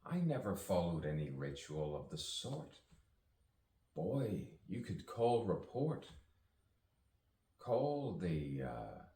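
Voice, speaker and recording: A man's voice: deep voice, sing-song, slow, long pauses, mellow. A man improvising spoken-word poetry, musing and playful, with chuckles between lines. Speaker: actor and poet. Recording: roomy sound from a distance.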